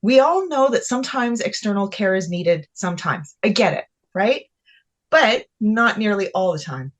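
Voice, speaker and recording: A woman's voice: medium pitch, sing-song, normal speed. A woman co-host talking casually, indignant and groping for words. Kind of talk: casual chat.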